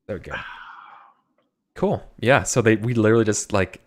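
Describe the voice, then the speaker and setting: A man with a Californian accent and a fairly low voice, rambling through his turn in a tabletop game. He restarts often and laughs along with the others as he talks. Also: moderate pace. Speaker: player. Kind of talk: casual tabletop play.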